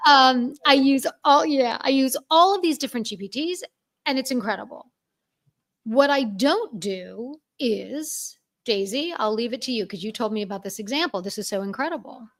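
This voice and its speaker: A woman from New York hosting a casual panel chat over a video call, enthusiastic and full of quick asides. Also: on the high side, lively intonation.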